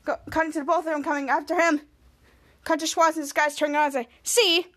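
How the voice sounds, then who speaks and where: High-voiced woman recapping a TV episode. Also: flat delivery, fairly bright tone. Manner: halting, repeating words as she retells scenes. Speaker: podcast host.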